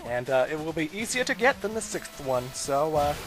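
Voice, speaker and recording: A man's voice: on the high side, sing-song, normal speed, music in the background. A man giving casual, chatty gameplay commentary as a let's play host, with frequent asides to viewers.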